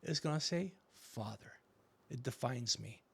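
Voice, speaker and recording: A middle-aged man hosting a podcast, telling stories in a casual comedic chat and acting out quotes with animated voices. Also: mid-range voice, unhurried, vocal fry, husky. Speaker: podcast host.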